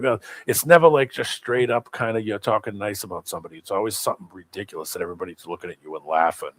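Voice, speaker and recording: A man's voice: fairly low pitch, fast, hardly any pauses, dry recording. A man on a live panel chatting casually and gossiping loosely about someone, often laughing. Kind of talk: casual chat.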